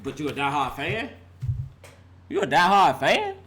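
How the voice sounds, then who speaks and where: A man's voice: a little high, huge pitch swings, a little slow, fairly bright tone, a little hiss or hum. A middle-aged man ranting as a fan vlogger, fired up and laughing, heavy on slang and repeating himself for emphasis. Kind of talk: animated fan rant.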